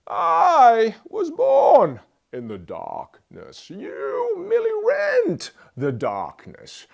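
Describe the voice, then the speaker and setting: A man voicing a menacing masked supervillain, speaking slowly and grandly with drawn-out, theatrical threats. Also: very high-pitched, gravelly, voice pushed up, exaggerated voice.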